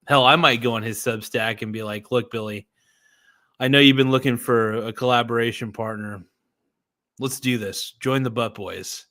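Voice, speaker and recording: A man's voice: mid-range voice, fairly even intonation, moderate pace, sharp tone. A man hosting a podcast in casual chat, laid-back, cursing and calling his guest dude. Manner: laid-back, swears a lot, says dude. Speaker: podcast host.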